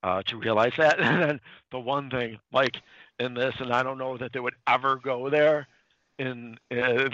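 Bright-voiced man recapping a comic. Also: mid-range voice, moderate pace, dry recording, dull audio. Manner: animated, dips into quoted character lines; rambling with frequent restarts. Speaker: podcast co-host. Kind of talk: casual retelling of a comic plot.

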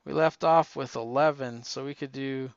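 Smooth-voiced man chatting animatedly. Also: mid-range voice, normal speed, no echo, muffled recording. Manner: animated, exclaims often. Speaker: podcast co-host. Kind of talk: casual chat.

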